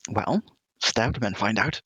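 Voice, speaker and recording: Man tabletop player, husky voice, dry sound. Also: fairly low pitch, animated, a little slow, sharp tone, no echo. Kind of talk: playing a tabletop game.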